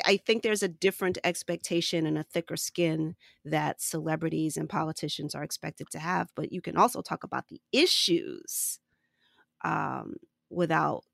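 A woman stand-up comedian, a guest on a podcast, telling stories in an animated way and laughing often. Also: sits low, vocal fry, dry recording, clean studio sound. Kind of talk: conversational podcast interview.

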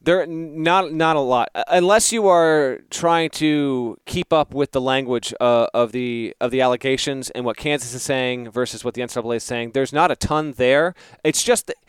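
A man who reports on college basketball, co-hosting a podcast in casual chat and explaining things in a measured way with fillers. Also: mid-range voice, clean tone, dry recording.

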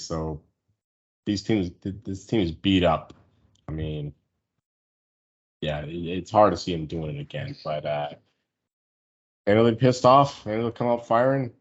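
Deep husky man, casual sports chat. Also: muffled recording. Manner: loose, rambling, swears casually. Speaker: sports betting podcast co-host.

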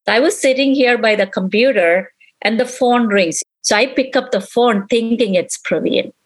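A middle-aged woman in an interview, recounting a painful memory in halting speech that repeats itself and acts out past conversations. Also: on the high side, rough recording. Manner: halting, repeats herself, relives quoted dialogue. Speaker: interviewee, mother of victim.

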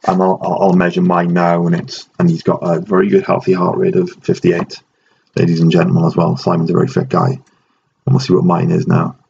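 A man's voice: monotone, a little fast, creaky, a little mellow, slightly rough. A man hosting a casual podcast chat, explaining with frequent restarts. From Ireland. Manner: chatty, restarts often, explaining. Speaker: host. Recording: dull low-fidelity audio with faint noise.

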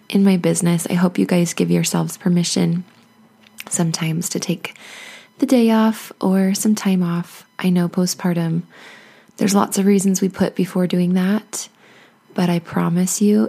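Husky, gravelly-voiced mom podcast host. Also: female voice, on the low side, little pitch movement, a little slow, mellow. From United States. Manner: chatty, upbeat, encouraging. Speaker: podcast host and life coach. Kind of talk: casual solo podcast talk.

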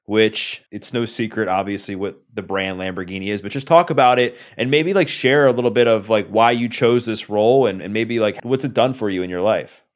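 A man's voice: lowish voice, a little fast, hardly any pauses. A man hosting a podcast, asking earnest questions with many "like" fillers. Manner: earnest, fills with "like" often. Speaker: podcast host. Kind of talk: casual interview chat.

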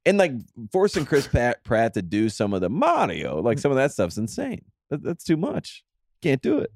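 A man's voice: medium pitch, wildly swooping pitch, moderate pace, darkish tone. A man co-hosting a podcast, joking and bantering in casual sports chat. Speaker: podcast co-host.

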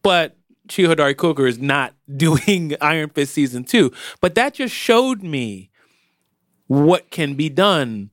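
A co-host in a casual chat whose pitch swings widely as they talk. They act out characters' lines in quick put-on voices. The recording is dry and close. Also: no echo. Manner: lively, puts on voices when quoting characters. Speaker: co-host discussing TV shows.

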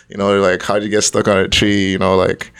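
A man's voice: sits low, completely flat delivery, brisk, gravelly, a bit bright. A young man from Nigeria, the guest, telling a story in casual chat and laughing often along the way.

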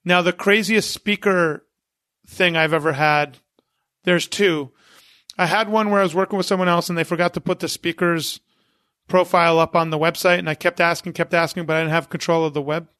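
High, bright-voiced man telling stories. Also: fairly quick, dry recording, studio quality. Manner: animated anecdote-teller who acts out quotes. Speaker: podcast guest, event promoter. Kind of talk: casual interview storytelling.

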